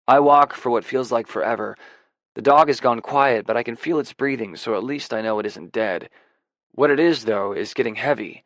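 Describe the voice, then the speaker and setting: A man narrating a first-person audiobook in a measured, introspective way. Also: medium pitch, fairly bright tone, no room sound. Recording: dry close audiobook recording.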